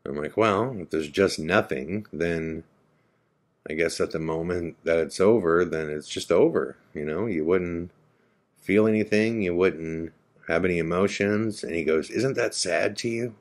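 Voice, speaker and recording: A podcast host, a man, slowly and quietly retelling a heartfelt conversation, quoting both sides. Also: low-pitched. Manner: slow, quiet, reflective retelling with quoted dialogue. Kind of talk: emotional personal storytelling.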